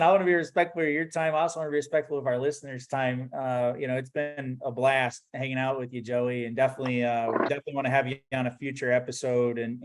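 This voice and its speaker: A man hosting a casual podcast chat, easygoing and quick to laugh. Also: medium pitch. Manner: easygoing, laughs often, repeats phrases. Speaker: podcast host.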